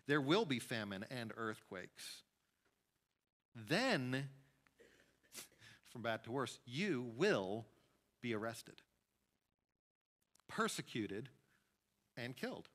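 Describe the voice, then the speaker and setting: A man preaching a sermon as pastor, emphatic, with sudden rises and hushed drops. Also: medium pitch, sing-song, slow pace, pauses often. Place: church sanctuary.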